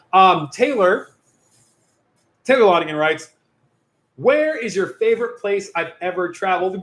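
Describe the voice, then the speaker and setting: A man's voice: high voice, a bit bright, reverberant. A young man, a youth pastor, chatting casually and goofily on a livestream, rambling with jokey asides.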